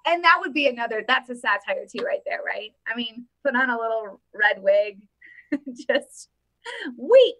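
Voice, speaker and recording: A woman with a voice pitched a little high hosts a casual live stream about politics. She talks in an animated, emphatic way and keeps repeating her points for effect. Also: a little fast, few pauses. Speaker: political commentary vlogger.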